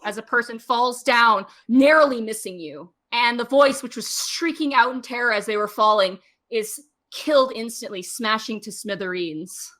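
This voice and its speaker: A woman narrating as game master of a tabletop game, casual and quick to laugh. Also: a little high, sharp tone. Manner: casual, laughing, restarts often.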